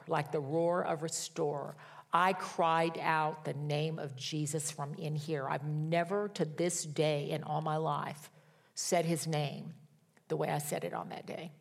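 A woman's voice: sits low, steady tone, takes it slowly, creaky. A woman in her sixties preaching a sermon, telling a personal story with humor and fervent prayer. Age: 60s.

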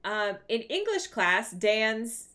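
A woman's voice: on the high side, big pitch swings, crowd noise. A woman co-hosting a podcast, casually recapping TV scenes with a chatty manner. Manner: chatty, recounting scenes with quick laughs. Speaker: podcast co-host.

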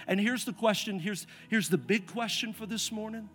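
A man with a notably high voice preaches as a pastor, dropping to near-whispered quiet and then rising to forceful emphasis. He calls out to the congregation and has them answer back. Soft music plays faintly underneath. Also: moderate pace, few pauses. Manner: swings from hushed to loud and emphatic, calls the congregation to respond. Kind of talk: sermon with personal story.

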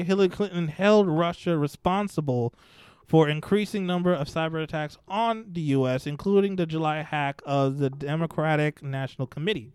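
A man giving casual, blunt, profanity-laced commentary on news stories, mocking and animated as he goes. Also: fairly high pitch, clear, resonant tone, no room sound.

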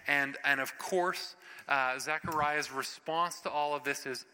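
A man preaches in an animated, conversational style. His bright, forceful voice carries through a large church hall with long reverb. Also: fairly high pitch, unhurried. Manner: animated, conversational, acts out scripture scenes. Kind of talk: sermon.

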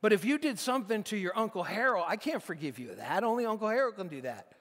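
A man's voice: high-pitched, sing-song, fast talker, a bit bright, in a large hall. A man preaching a sermon in a conversational way, often restarting his sentences. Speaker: pastor.

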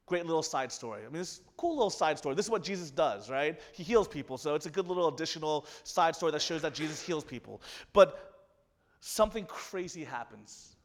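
Male preacher with a high voice, lively storytelling sermon, acts out each character. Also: fairly quick, big-room sound. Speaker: pastor.

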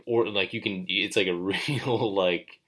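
Here's a male podcast co-host in a studio, easygoing and joking through a rambling, casual conversation. The voice is low and a bit bright, and he speaks a little slowly.

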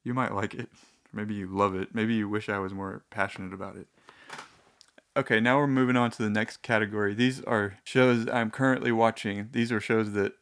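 A man's voice: on the low side, a bit bright. A young man chatting casually about shows he watches, rambling with restarts and dry, wry asides. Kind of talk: casual TV show recommendations.

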